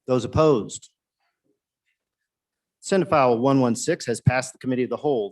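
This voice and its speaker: Man chairing a legislative vote. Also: mid-range voice. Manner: formulaic, measured. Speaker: presiding chairman. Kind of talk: procedural chairing. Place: legislative chamber.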